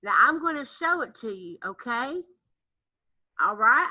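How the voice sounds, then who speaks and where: Bright, animated woman music teacher. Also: a little high, unhurried, rough recording. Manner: animated, sing-song teacher voice, chanting syllables. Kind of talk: online children's music lesson. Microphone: computer mic on a video call.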